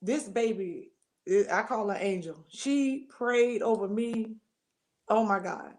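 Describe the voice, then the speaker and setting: A middle-aged woman, telling a personal testimony as an interview guest, expressive and acting out the voices she quotes. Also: a little high, slow pace. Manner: expressive storytelling, acts out quoted voices, churchy endearments.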